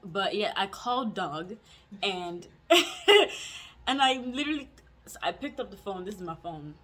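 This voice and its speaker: A woman's voice: medium pitch, big pitch swings, unhurried, fairly bright tone. A young adult woman telling a storytime vlog in a casual, chatty way, full of "like" fillers and self-mocking asides. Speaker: vlogger.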